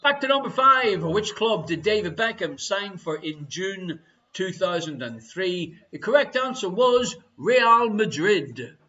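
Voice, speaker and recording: An Irish man runs a live-streamed quiz in a high, bright voice and ribs his viewers between answers. The stream audio is dull and lo-fi, with little clarity up top. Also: lively intonation, unhurried. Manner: jokey, teasing banter with viewers. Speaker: quiz show host.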